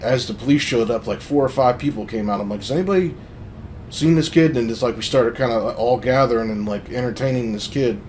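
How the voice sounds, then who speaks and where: A man's voice: medium pitch, fairly even intonation, quick pace, few pauses, darkish tone, a little hiss or hum. A man telling a story in loose, profane casual chat, full of fillers.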